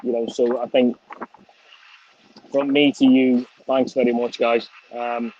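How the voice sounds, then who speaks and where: A man's voice: mid-range voice, flat delivery, slow, darkish tone, a little hiss or hum. Chatty, swearing Scouse man outdoors. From England. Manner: swears freely, chatty, thanks viewers by name. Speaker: vlogger. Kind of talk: casual outdoor livestream chat. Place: outdoors on a windy sunny day. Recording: slightly dull lo-fi stream audio.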